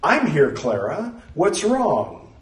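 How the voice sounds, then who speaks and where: A man's voice: fairly high pitch, huge pitch swings, takes it slowly, voice pushed up, full character voice. A man reading a story voices a polite, awkward young man who talks hesitantly. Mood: earnest, awkward. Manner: hesitant, apologetic. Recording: roomy, distant mic.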